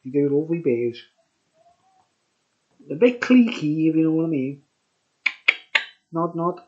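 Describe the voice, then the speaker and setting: A man's voice: fairly high pitch, animated, measured pace, dark tone, highs cut off. A tipsy man rambling through a casual beer review, chuckling often and dropping conspiratorial asides.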